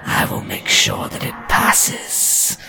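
A man doing a slow, menacing ooze villain. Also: noisy background, lightly acted. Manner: low, slow, menacing delivery. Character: sinister scheming ooze villain, smug.

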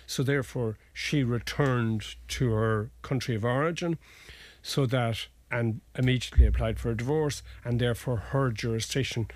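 A man's voice: mid-range voice, fairly even intonation, normal speed, darkish tone. An Irish man, a lawyer guest, talking casually through family law cases with restarts and folksy asides. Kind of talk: conversational legal explanation.

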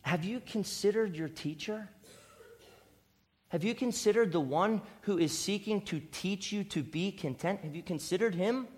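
A male pastor preaching a sermon, swinging between loud emphatic repetition and hushed, quieter asides. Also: high voice, expressive, moderate pace.

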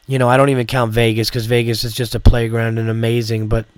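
A man's voice: mid-range voice, completely flat delivery, fast, clear, resonant tone, no echo. A man, a comedian hosting a podcast, telling a rambling story full of swearing and "like" fillers. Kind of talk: casual storytelling.

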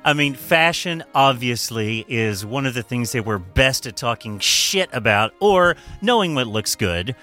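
A man's voice: medium pitch, expressive, a little slow, few pauses, pushed and bright, soft background music. A man co-hosting a podcast, joking playfully and laughing often. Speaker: podcast co-host. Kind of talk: joking casual chat.

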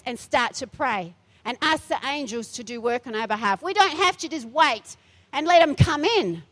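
A woman's voice: sits high, lively intonation, normal speed, fairly bright tone. A middle-aged woman pastor delivering a feisty, emphatic sermon in a church, repeating her phrases for force.

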